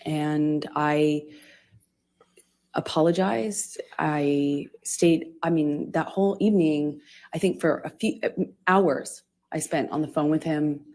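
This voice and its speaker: A woman testifying as a witness in court, speaking haltingly with frequent restarts. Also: low-pitched, a little mellow. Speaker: trial witness.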